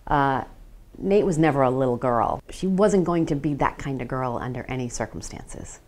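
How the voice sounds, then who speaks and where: A middle-aged woman with a low, dusky voice talks in a radio documentary interview. She is reflective and halting, pausing often as she searches for the right words. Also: a little mellow. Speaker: parent of a transgender teen.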